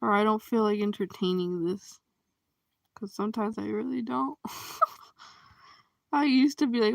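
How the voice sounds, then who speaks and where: Gravelly, expressive woman chatting on a livestream. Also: medium pitch, measured pace, pauses often, no room sound. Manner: expressive, laughs often, acts out reactions. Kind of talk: casual chat, reacting to viewer comments.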